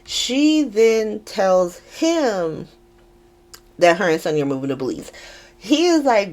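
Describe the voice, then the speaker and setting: A woman hosting a podcast who recaps a soap opera in a casual, animated and sarcastic way, laughing often. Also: a little high, slow, long pauses. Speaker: podcast host.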